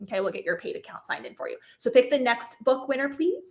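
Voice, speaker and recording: Bubbly, higher-voiced woman craft host. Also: sing-song, fast. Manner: bubbly, chatty, laughs often, apologizes over names. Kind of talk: live-stream giveaway chat.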